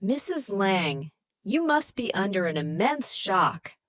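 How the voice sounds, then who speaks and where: A woman doing a soft formal male diplomat. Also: medium pitch, sing-song, takes it slowly, no echo, clean studio sound. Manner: formal, apologetic, soothing.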